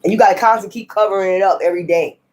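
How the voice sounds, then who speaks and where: A woman's voice: mid-range voice, very fast, a little mellow. A woman giving a casual tarot reading, talking in a blunt, profane, scolding way and laughing often. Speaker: tarot reader.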